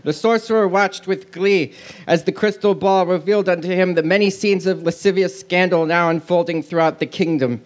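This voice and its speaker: High-voiced male comic, deadpan story reader. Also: normal speed. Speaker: comedian reading fan fiction. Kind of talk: comic reading to a live crowd.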